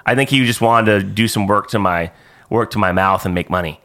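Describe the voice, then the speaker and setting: A man with a fairly low voice talks casually as a podcast co-host. He rambles through stories and offhand opinions in an easygoing way. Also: fairly quick, a bit bright. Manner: rambling, anecdotal, conspiratorial about dentists. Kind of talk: casual chat.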